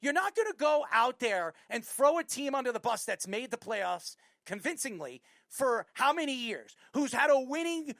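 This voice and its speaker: A woman with a New York accent hosting a sports talk show, ranting bluntly about a player with loud bursts. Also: high voice, big pitch swings, normal speed, few pauses, no room sound, studio quality. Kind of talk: opinionated sports commentary.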